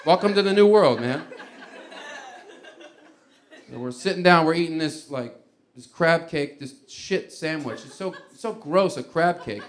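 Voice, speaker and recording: A man's voice: fairly high pitch, animated, unhurried, long pauses. A man doing stand-up, telling a long, rambling story and chuckling as he restarts his sentences. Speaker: stand-up comedian.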